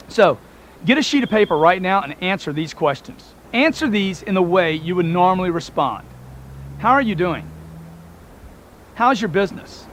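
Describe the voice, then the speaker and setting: A man with a bright, high-set voice delivers a motivational talk in a punchy, emphatic way, hammering his points through repetition. A faint hiss sits under the recording. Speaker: motivational speaker.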